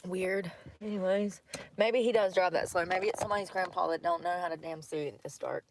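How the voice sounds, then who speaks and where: A woman's voice: lowish voice, fairly quick, noisy background. A woman talking in casual chat from a parked car at night, rambling, laughing often and swearing freely. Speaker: vlogger.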